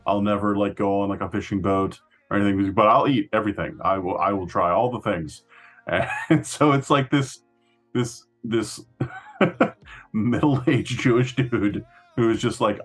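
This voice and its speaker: Casual podcast co-host: low-pitched man with a husky tone, loose rambling delivery. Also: normal speed, soft background music. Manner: rambling storyteller, swears, laughs often. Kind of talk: casual chat.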